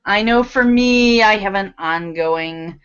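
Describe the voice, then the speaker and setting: A woman's voice: medium pitch, slow, a bit bright, clear, resonant tone, lo-fi sound. A woman hosting a casual online panel, chatty and leading group laughter exercises. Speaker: host.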